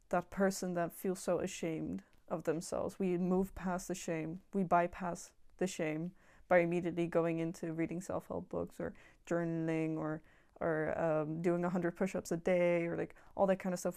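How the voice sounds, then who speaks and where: Speaking to camera in a fairly low, darkish voice with little pitch movement, a young woman talks at a measured pace about self-improvement. She's casual and earnest, reassuring viewers, repeating herself, and swearing occasionally.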